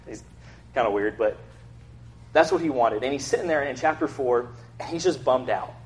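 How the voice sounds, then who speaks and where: A man's voice: medium pitch, normal speed. A young man preaching a casual, conversational sermon, acting out quotes in an everyday voice. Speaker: pastor.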